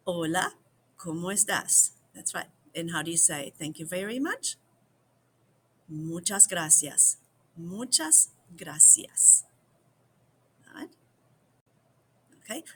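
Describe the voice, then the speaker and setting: A woman from the United States giving a slow repeat-after-me language lesson, drilling each phrase several times for the viewers. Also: fairly low pitch, very animated, a bit bright, a little hiss or hum. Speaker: language teacher.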